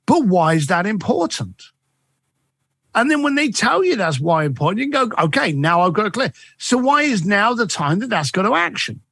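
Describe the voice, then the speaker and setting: A man's voice: high-pitched, sing-song, normal speed, gravelly, fairly bright tone, breathy edge, no room sound. A middle-aged man, a guest author and coach, telling stories in an interview and acting out the dialogue with shifting voices. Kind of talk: animated interview storytelling.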